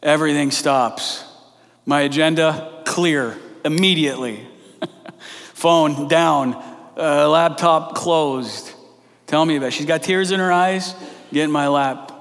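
A man preaching a sermon as pastor, earnest and conversational, moving between quick asides and slow, drawn-out emphasis. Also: fairly high pitch, fairly bright tone. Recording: long hall reverb.

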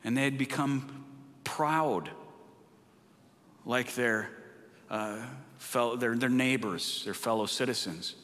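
A man's voice: medium pitch, slow pace, long pauses. Impassioned preacher man in a reverberant hall. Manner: impassioned, swings from loud urging to hushed near-whisper. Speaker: pastor. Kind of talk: sermon.

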